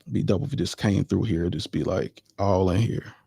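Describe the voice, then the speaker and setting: A man's voice: deep voice, moderate pace, gravelly, mellow, slightly rough, no echo, clean studio sound. A man hosting a live podcast in a casual, chatty way, talking sports and often addressing listeners directly. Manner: laid-back, repeats phrases, addresses listeners as y'all. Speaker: podcast host.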